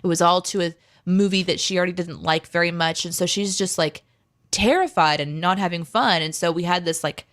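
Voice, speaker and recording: A woman in her thirties co-hosting a casual live chat, telling stories in a rambling, animated way with lots of fillers. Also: fairly low pitch, a little fast. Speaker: co-host.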